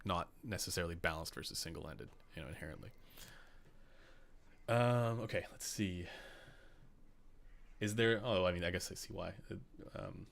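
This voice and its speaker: A man's voice: low-pitched, vocal fry, a bit bright. A young Canadian man with a Canadian accent hosting a casual live stream, chatty with lots of fillers and laughs. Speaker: podcast host.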